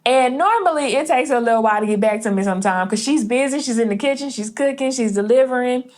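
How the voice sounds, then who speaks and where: A woman hosting a casual conversation with a brisk, chatty delivery, quoting others in a softer voice. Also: on the high side. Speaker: host, brand designer.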